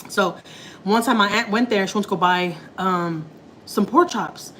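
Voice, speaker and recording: A woman's voice: mid-range voice, a little slow, fairly bright tone, a little hiss or hum, rough recording. A woman chatting casually to her live viewers while cooking in her home kitchen. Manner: chatty, slangy, laughing asides. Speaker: family vlogger.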